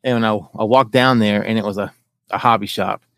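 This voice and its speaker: A man in casual podcast chat, walking through a memory one step at a time. His voice is somewhat low and smooth, and the recording is dry and close. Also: fairly even intonation, moderate pace, no echo. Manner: detailed, step-by-step storytelling.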